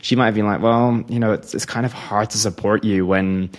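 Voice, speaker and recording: Brief: male podcast host, low voice, calm reflective summaries. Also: brisk. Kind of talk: interview talk.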